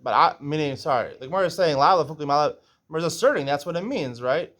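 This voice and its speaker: A man's voice: fairly high pitch, animated, racing, fairly bright tone. Man explaining a Talmud page. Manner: explains step by step, often checks with "right?"; reads Aramaic phrases aloud, then translates them. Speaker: Talmud teacher. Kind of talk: casual Talmud lesson.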